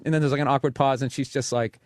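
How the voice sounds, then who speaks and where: A man telling a profane, animated comic story as a guest on a talk radio show. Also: mid-range voice, fast talker, dry recording, clean studio sound. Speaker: guest comedian.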